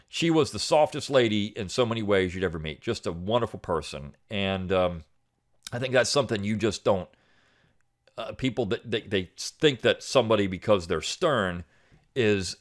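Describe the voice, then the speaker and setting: A middle-aged man with a somewhat low voice hosts a talk podcast. He reads an essay aloud and then talks it over in an earnest, halting way, full of fillers and restarts. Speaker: podcast host. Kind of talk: reading an essay aloud, then casual commentary.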